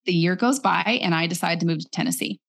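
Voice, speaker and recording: A woman's voice: lowish voice, fast, creaky. A young adult woman telling a personal story in a candid, reflective way, acting out quoted lines as she goes. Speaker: guest.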